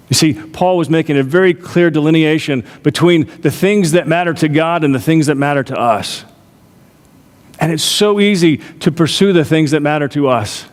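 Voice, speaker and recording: A man's voice: a little high, normal speed, darkish tone. Man preaching a sermon in a reverberant church. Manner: conversational preaching with rhetorical asides. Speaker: pastor. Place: church sanctuary. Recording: long reverb of a church hall.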